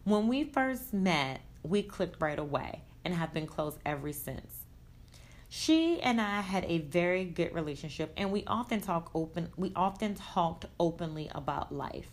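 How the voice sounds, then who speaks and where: A woman reading a first-person story aloud in a blunt, expressive way, with casual swearing. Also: on the low side, measured pace. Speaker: reader.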